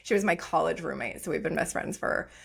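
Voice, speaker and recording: A woman's voice: low voice, a little fast, creaky, fairly bright tone, husky. A woman hosting a podcast in a casual chat, gushing and upbeat, often using "like.". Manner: gushing and upbeat, heavy use of "like". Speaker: podcast host and oracle coach.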